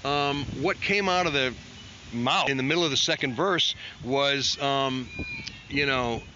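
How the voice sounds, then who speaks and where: With a sharp tone, a medium-pitched voice and a measured pace, a man recounts a rambling studio story from his life as a musician. He pokes fun at himself and performs the quotes of the people involved, captured on a dull, lo-fi recording with faint noise.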